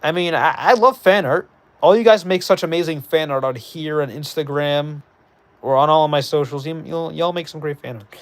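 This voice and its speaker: A man streaming live, chatting casually with his viewers and reading their messages aloud in animated bursts. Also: a little high, normal speed. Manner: animated, reads chat aloud, excitable bursts. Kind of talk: casual livestream chat.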